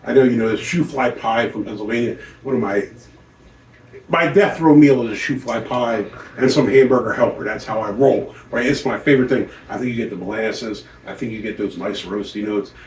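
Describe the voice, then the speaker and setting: A man's voice: on the low side, a little fast, recorded from a distance. A man with a Philadelphia accent, a guest on a beer review, talking in a laid-back way with casual swearing. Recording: roomy sound from away from the mic with faint background noise.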